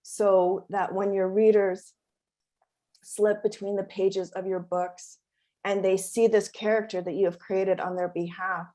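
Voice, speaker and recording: A female author moderating a panel, opening with an expressive, heartfelt personal story. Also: mid-range voice, a little slow.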